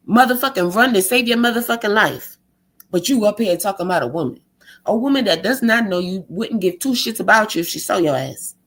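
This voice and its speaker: A woman's voice: fairly high pitch, fairly bright tone. Profane, heated woman ranting on stream. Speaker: live-stream host.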